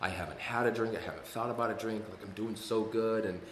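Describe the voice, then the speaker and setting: A fairly low-voiced man shares his personal story with an audience in a large meeting hall. He rambles and uses many fillers, with touches of wry humor. His voice rings out with a long, hall-like reverb over faint background ambience. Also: fast talker, slight background noise. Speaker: speaker sharing his story at a recovery meeting.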